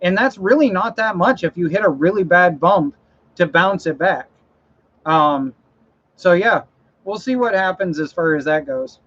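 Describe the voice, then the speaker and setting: A man's voice: high-pitched, expressive, unhurried, fairly bright tone. A man hosting a casual livestream, rambling about trucks and mowers and reading out viewer comments. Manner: rambling, reads viewer comments, self-correcting. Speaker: livestream host. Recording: dull lo-fi stream audio.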